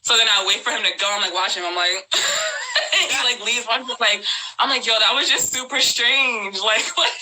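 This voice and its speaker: A woman from New Jersey hosting a live stream, telling a story in a casual, animated way, laughing often and talking in slang. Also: fairly high pitch, brisk, rough recording. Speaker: host.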